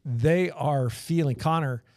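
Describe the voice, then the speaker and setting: A man's voice: fairly high pitch, takes it slowly, a little mellow, no echo. Man asking questions, dry sound. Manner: hesitant, searching for words. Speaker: host. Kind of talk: interview questions.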